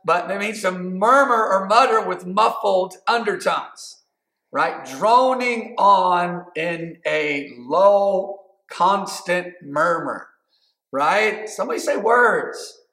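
A man's voice: high voice, expressive, slow pace, pushed and bright. A man preaching a sermon as pastor, talking in a loose conversational way with many fillers and restarts. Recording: echoey room.

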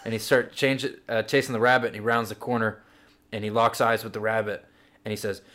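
A man's voice: on the low side, little pitch movement, brisk, fairly bright tone. Man, comedy podcast co-host, improvised story, crude, laughing.

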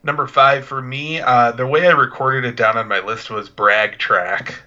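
A man's voice: medium pitch, fairly even intonation, normal speed, pushed and bright, dull audio. A man co-hosting a podcast, chatting in a laid-back, rambling, joking way. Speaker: podcast co-host. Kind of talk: casual chat.

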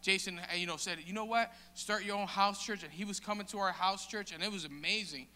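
A man shares a halting, casual testimony at church, full of fillers and restarts. His voice is very bright and crisp and sits a little high. It rings with the long reverb of a hall. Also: steady tone. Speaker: church member sharing testimony.

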